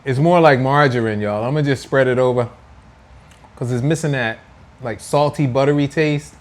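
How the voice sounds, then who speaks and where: A man's voice: medium pitch, moderate pace. A man hosting a casual food vlog, playful and teasing as he talks to viewers at home. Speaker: food vlogger. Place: indoors at home.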